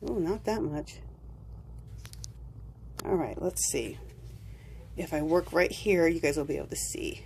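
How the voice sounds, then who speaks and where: A woman's voice: sits low, a little slow, vocal fry, pauses often, a little mellow, slight background noise. A woman chatting casually to her viewers while demonstrating a craft, with frequent ums. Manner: chatty, addresses viewers as you guys, many ums. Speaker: craft tutorial host.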